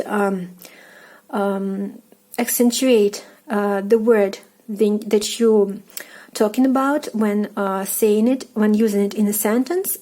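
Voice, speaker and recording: A young native Russian speaker with a Russian accent teaches a casual online language lesson. Her mid-range voice is warm, but her delivery halts, full of fillers and restarts.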